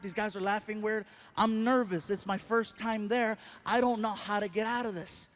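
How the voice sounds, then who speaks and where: Animated high-voiced comedian on stage. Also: male voice, a little hiss or hum. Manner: animated, acts out characters. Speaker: stand-up comedian. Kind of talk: stand-up storytelling. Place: large theater stage. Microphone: stage mic.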